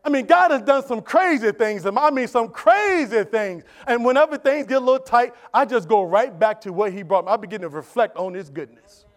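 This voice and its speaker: High pitched pastor preaching, lots of repeating, keeps asking the church to say amen. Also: male voice, lively intonation, brisk, few pauses. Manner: emphatic, repetitive, call-and-response with the congregation. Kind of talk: sermon.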